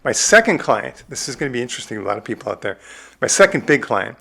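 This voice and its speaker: A man's voice: medium pitch, fast, creaky. A man in his sixties from the American Midwest, a film director telling stories from his career in a casual interview and acting out what people said. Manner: animated storyteller who acts out his own quotes.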